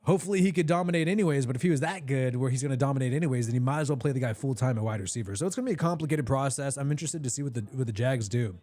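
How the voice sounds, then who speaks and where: A man hosting a live draft reaction stream, talking casually and rambling with lots of restarts, his voice a bit hoarse. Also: medium pitch, racing, few pauses, dark tone, no echo. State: slightly hoarse.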